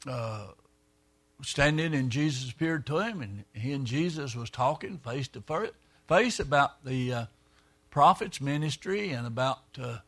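A man's voice: fairly high pitch, a bit bright. A man preaching a sermon, telling a story in a folksy way and acting out the quoted voices.

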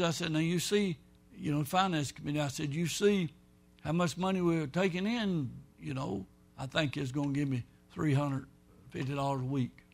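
A pastor preaching a folksy, rambling sermon, swinging between loud and soft. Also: male voice, a little high, moderate pace, gravelly, faint music behind.

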